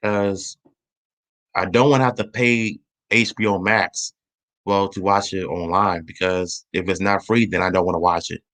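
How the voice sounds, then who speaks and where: A man hosting his own channel, chatting casually about a movie trailer in a rambling way, restarting his sentences and speeding up when excited. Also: low voice, moderate pace. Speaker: channel host. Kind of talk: casual trailer review chat.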